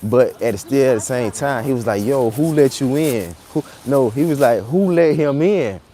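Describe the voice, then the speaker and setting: A man's voice: medium pitch, moderate pace, slight background noise. Street-walking man telling a wild story. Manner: animated retelling, acts out quotes loudly, then muses quietly. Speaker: vlogger. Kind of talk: live-stream storytelling while walking. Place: city streets outdoors in rain.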